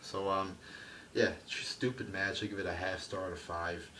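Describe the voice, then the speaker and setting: Low-voiced man ranting profanely. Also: level tone, moderate pace, sharp tone, distant mic, a little hiss or hum. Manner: profane, blunt and dismissive, trailing off in restarts. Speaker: wrestling show reviewer. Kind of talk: ranting show review.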